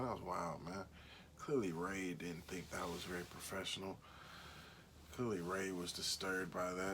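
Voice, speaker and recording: A man's voice: fairly low pitch, a bit bright, slight background noise. A man hosting a casual solo TV-recap video, laid-back and conversational, often asking viewers what they think. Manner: laid-back, says "man" and "y'all" constantly; asks viewers questions directly. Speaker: show recap host.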